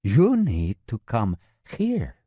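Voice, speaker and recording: Gravelly gruff mobster, curt, impatient, dry close sound, as a narrator puts him on. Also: male voice, mid-range voice, wildly swooping pitch, slow pace, no echo, highs cut off, heavily acted. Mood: firm. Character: gruff, gravelly mob contact, middle-aged man.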